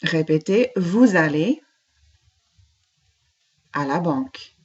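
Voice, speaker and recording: A woman's voice: low-pitched, animated, slow, a little mellow. A woman teaching a French lesson, speaking patiently, saying French phrases and then translating them. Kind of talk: classroom language lesson. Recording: dull lo-fi recording.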